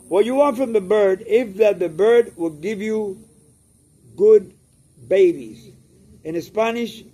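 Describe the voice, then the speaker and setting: A man's voice: high voice, warm tone, slight background noise. An older man from Cuba, a pigeon breeder talking casually to camera, emphatic and repetitive, often tagging "okay?" onto his points.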